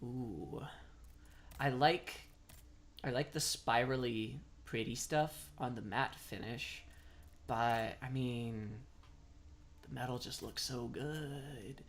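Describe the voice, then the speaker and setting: A man's voice: medium pitch, slow pace, pauses often. Chatty man streaming a game. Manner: chatty, rambling, self-deprecating. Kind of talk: casual gameplay commentary.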